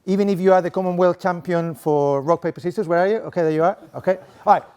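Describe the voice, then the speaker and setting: Middle-aged man with a Spanish accent, slightly high voice; chatty, playful lecturer working the room. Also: fast talker, a little mellow, smooth. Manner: playful, chatty, tags lines with "okay?". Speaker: sport coaching professor giving a talk. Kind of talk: interactive talk to a live audience. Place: room with a seated audience at desks.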